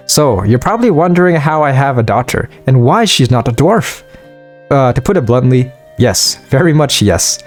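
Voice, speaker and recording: A man's voice: medium pitch, expressive, normal speed, soft background music, lightly acted. A man reading the lines of a poised, gracious dwarf woman in a fantasy game, using his own voice.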